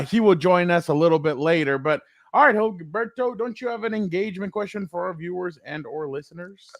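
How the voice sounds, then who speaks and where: Animated man co-hosting a sports chat. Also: on the high side, no room sound, clean studio sound. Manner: animated, breaks into playful repeated exclamations. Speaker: podcast co-host.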